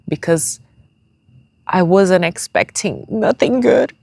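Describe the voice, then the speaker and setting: A young woman talking to her viewers in a tearful personal vlog, halting and searching for words in English, which is not her first language. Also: low voice, a little mellow, no echo. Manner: confiding, speaks straight to viewers. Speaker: vlogger.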